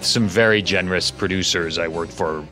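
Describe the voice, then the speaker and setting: A man's voice: low-pitched, normal speed, over music. A man co-hosting a podcast in casual chat, telling stories that ramble and trail off. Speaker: podcast co-host.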